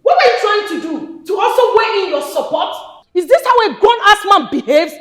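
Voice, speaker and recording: A woman's voice: very high-pitched, animated. A young adult woman with a Nigerian accent playing an angry grown daughter who scolds her family in a film drama. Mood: furious. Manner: indignant, sharp, rapid scolding.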